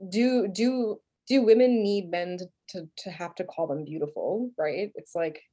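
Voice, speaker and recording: A woman with a New York accent, co-hosting a casual podcast chat about a film, animated and laughing, with frequent swearing. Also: lowish voice, a little slow. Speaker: podcast co-host.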